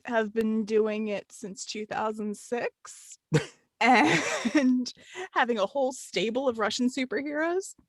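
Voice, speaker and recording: A woman voice actor joining a casual panel chat over a video call, talking in a lively way and laughing often. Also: on the high side, slow pace, dry recording, studio quality.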